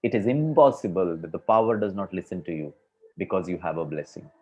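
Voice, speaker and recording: A man's voice: low-pitched, fairly quick, a little mellow, husky. A man giving a conversational spiritual discourse to a class, using many fillers. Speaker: spiritual speaker. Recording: dull lo-fi recording.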